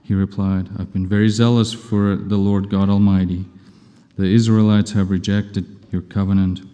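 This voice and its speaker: A man gives a sermon in a warm, mellow voice that sits a little low. He reads scripture and talks to the congregation in a casual, self-deprecating way. His voice rings with the long reverb of a large church hall. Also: little pitch movement, moderate pace. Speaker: preacher.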